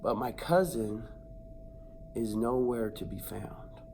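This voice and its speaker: A man's voice: lowish voice, slow, gravelly, a little hiss or hum. A man telling a comic personal anecdote, acting out sounds and voices and building suspense. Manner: animated, acts out sounds and voices. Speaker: storyteller.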